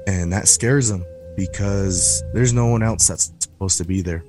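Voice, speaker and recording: Man, very low voice, spooky storytelling, slow and suspenseful, repeats words, music under the voice. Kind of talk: telling a scary story on a podcast.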